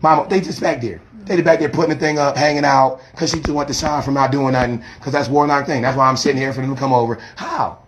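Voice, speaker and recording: A man, a street preacher, defensively arguing and talking fast over others while filming a confrontation outdoors on his phone. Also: mid-range voice, steady tone, a little hiss or hum. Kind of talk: heated self-filmed confrontation. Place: outdoors by a church. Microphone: handheld phone camera.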